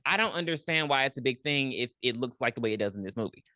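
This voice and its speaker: A woman co-hosting a podcast, recapping a movie in blunt, profane, animated casual chat. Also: extremely low pitch, fast talker, no room sound, studio quality. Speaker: podcast co-host.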